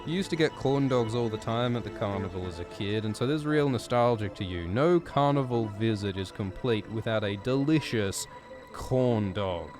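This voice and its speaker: A man with a fairly low voice rambles through an improvised horoscope as an absurd, deadpan story. He speaks casually and addresses the listener directly. Music plays clearly underneath. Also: moderate pace. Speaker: podcast host.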